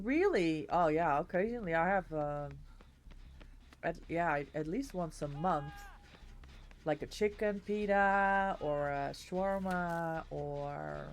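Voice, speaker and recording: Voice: medium pitch, slow, slight background noise. A streamer with a Dutch accent, a native Dutch speaker, chatting casually with viewers between game moves. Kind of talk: casual live-stream chat while gaming.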